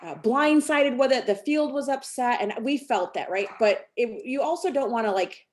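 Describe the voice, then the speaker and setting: A woman's voice: fairly high pitch, moderate pace. A woman, a sales team director, telling a rambling personal story on a team call, full of fillers and restarts.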